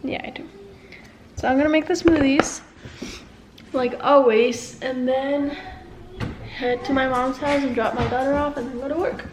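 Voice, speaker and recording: A woman's voice: high voice, steady tone, moderate pace, long pauses, noisy background. A young woman vlogging her morning at home, chatting to viewers and telling her toddler what to do. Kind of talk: casual vlog talk to camera. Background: dogs.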